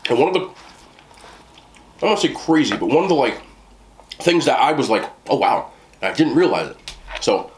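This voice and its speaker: An American food vlogger tells a story to the camera in a rambling way, with plenty of fillers and restarts. His voice has a medium pitch, and the background is noisy.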